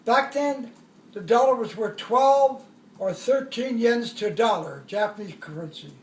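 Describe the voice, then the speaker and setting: An older man telling a war story in a casual, rambling way, chuckling and acting out shouted quotes. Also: very high voice, expressive, unhurried, distant mic. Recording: echoey room, voice away from the mic.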